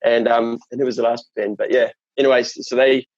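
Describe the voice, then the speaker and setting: Speaking briskly and flatly in a mid-range voice, this New Zealander is a guest in a casual interview chat, rambling with plenty of fillers and false starts. The recording is dry and muffled.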